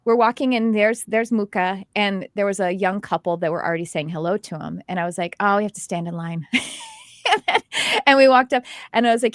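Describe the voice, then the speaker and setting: A woman's voice: mid-range voice, brisk, dry recording. Middle-aged woman host, chatty, acts out little stories, dry close sound. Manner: animated storytelling with quoted dialogue and laughs. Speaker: host, intuitive development teacher. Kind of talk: casual chat.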